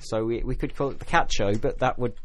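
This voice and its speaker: A man's voice: medium pitch, brisk. A man hosting a casual local radio show, joking and laughing through the banter. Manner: jokey, laughing, lively banter.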